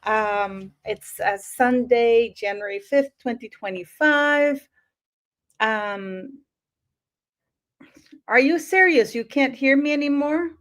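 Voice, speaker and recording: Female livestream host, fairly high pitch, slow easy delivery, chatty with viewers. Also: animated, fairly bright tone. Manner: chatty, greets viewers by place, many fillers. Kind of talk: casual livestream chat.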